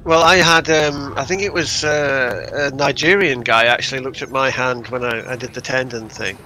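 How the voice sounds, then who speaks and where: A man's voice: medium pitch, steady tone, normal speed, sharp tone, a little hiss or hum, low-quality recording. A man chatting casually, telling rambling anecdotes. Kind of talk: casual chat.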